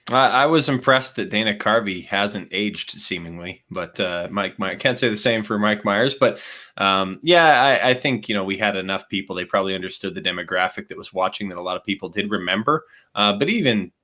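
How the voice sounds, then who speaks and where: A middle-aged man co-hosting a casual chat, chatty and quick to laugh. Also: lowish voice, sharp tone. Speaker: co-host.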